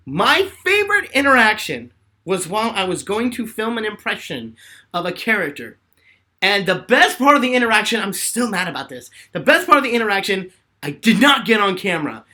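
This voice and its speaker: Young man, live fan q&a, animated storyteller, lively swooping pitch, bright tone. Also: a little fast. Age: 20s. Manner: animated storyteller, laughs often. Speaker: host answering fan questions. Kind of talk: live question-and-answer chat.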